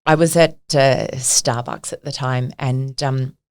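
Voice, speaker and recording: A woman's voice: a bass voice, steady tone, slow pace. A middle-aged woman, a podcast guest, telling stories in casual conversation and often laughing as she talks.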